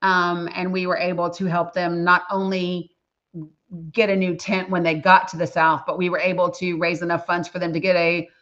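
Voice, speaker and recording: A woman's voice: fairly low pitch, flat delivery, normal speed, a bit bright. A woman hosting a casual livestream, talking earnestly and emotionally while reading viewer names from the chat. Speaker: livestream host. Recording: slightly dull lo-fi audio.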